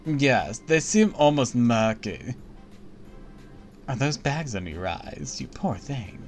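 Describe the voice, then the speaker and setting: A man streamer reading a game's story dialogue aloud in a quick, lively way. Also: medium pitch, faint music behind.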